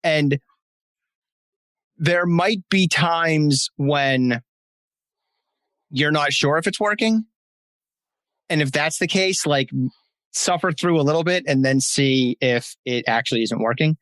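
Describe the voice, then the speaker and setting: A man's voice: fairly high pitch, takes it slowly, long pauses, fairly bright tone, no room sound. A man as a podcast guest, explaining ideas casually and acting out inner voices. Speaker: guest coach. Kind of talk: casual advice chat.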